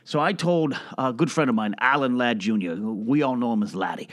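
This comic monologue features a man as a rambling, self-aggrandizing old film producer who name-drops and begins sentences again and again. He speaks fairly quickly in a natural mid-range voice, with no echo.

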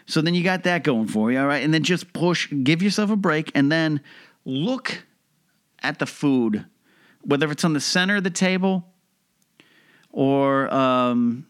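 Man giving mock-serious comedic advice. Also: medium pitch. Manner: mock-serious, animated, rhetorical asides. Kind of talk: casual comedic monologue.

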